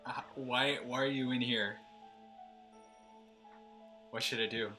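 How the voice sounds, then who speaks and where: A man reacting to a story game, swearing, laughing and thinking out loud. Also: medium pitch, fairly even intonation, slow pace, faint music behind. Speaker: game streamer. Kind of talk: let's play reactions.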